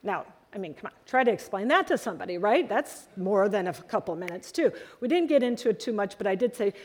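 A woman preaching a sermon to her congregation, telling stories in an earnest, animated way. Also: mid-range voice, fast, few pauses. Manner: earnest storytelling, animated emphasis.

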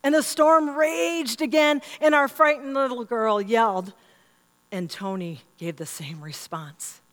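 A woman's voice: on the high side, measured pace. Woman pastor preaching in a reverberant hall. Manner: storytelling, animated quoting of others. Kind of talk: sermon. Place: church sanctuary. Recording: long reverb in a large hall.

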